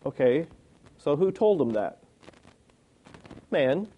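A man's voice: a little high, big pitch swings, slow pace, slightly rough, muffled recording. A man giving a sermon in a plain, conversational way, often asking rhetorical questions. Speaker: preacher.

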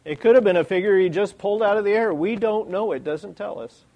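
Male preacher, slightly higher voice, lively sermon delivery with frequent rhetorical questions. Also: brisk, highs cut off. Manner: animated, lots of rhetorical questions.

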